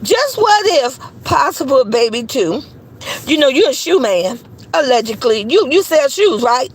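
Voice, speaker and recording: A woman's voice: high-pitched, very animated, measured pace, a little hiss or hum, rough recording. A woman hosting a gossip commentary channel, who talks bluntly, swears a lot, hurls insulting names and fires off rhetorical questions. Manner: repetitive, calls people insulting names. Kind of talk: profane opinion commentary.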